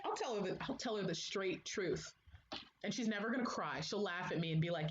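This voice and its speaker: A woman's voice: mid-range voice, animated, brisk. Blunt young woman chatting in echoey room. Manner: blunt, candid, laughs often. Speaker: livestream host. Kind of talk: casual chat to viewers. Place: home, room with echo. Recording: echoey room, dull lo-fi sound, faint hiss.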